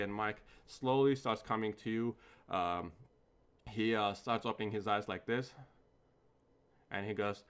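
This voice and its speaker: Bright-voiced man telling a story. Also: lowish voice, fairly even intonation, normal speed, smooth. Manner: rambling, with many fillers and frequent laughs. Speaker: gaming channel host. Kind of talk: storytelling vlog.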